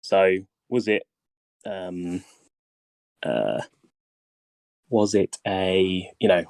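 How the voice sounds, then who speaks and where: Low, dry-voiced man hosting. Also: extremely slow, gravelly, long pauses, darkish tone, no room sound. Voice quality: hesitant, many ums and restarts. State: voice tiring. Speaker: game guide host. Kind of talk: casual voice-chat guide session.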